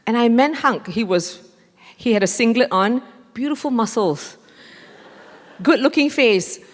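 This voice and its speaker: A woman, a mindfulness trainer telling a lively story on stage in a conference talk. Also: a little high, unhurried. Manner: animated, acts out dialogue with laughs. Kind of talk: storytelling lecture. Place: large conference hall. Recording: long hall reverb.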